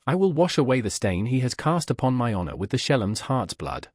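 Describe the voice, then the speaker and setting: A man's voice: mid-range voice, sing-song, a little fast, dry recording. Guy reading as an angry german dad, blustering threats, dry close sound. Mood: furious. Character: furious German jeweller father, blustering and threatening.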